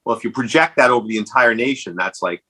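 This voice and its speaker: A man hosting a casual podcast chat, telling a story animatedly and jumping up in pitch when acting out quotes. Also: fast talker, sharp tone, low-quality recording. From Canada. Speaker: podcast host.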